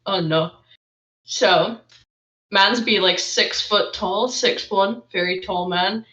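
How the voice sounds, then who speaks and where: A woman's voice: medium pitch, slow, pushed and bright. A woman playing a tabletop role-playing game who swears a lot and talks playfully in character. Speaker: player. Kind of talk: casual tabletop role-play. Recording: echoey, dull lo-fi room audio.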